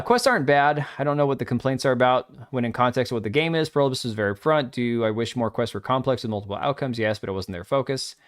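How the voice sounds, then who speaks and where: A man from Washington state hosting a casual livestream, rambling bluntly about games and reacting to chat with casual swearing. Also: mid-range voice. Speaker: livestream host.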